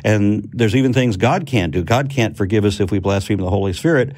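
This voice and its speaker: A man co-hosting a podcast, talking in a rambling, jokey, animated way. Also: on the low side, fairly quick. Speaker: podcast co-host. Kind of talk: casual panel discussion.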